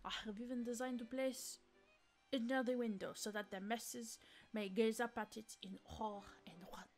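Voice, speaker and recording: A snobbish aristocrat bird of a young man, lofty and condescending, who turns his words into hushed, breathy sneers, as a woman puts him on. He sounds slightly lower and set back from the mic, with faint music behind him. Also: fairly even intonation, normal speed. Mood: haughty. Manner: condescending, pompous, formal. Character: haughty aristocratic male bird student council president.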